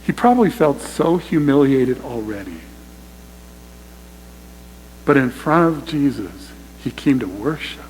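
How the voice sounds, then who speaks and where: A man's voice: mid-range voice, sing-song, a little slow, pauses often, a little mellow, in a large hall, slight background noise, poor audio. A man preaching a sermon to his congregation, emphatic and direct, often calling them "you guys". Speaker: pastor. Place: church sanctuary.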